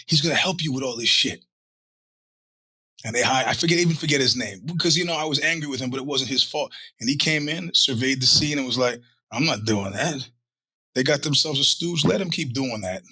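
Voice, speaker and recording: A man's voice: mid-range voice, bright, forceful tone, breathy edge. A middle-aged man hosting a podcast, telling stories in a casual, profane monologue and acting out the voices of the people he quotes. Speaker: podcast host.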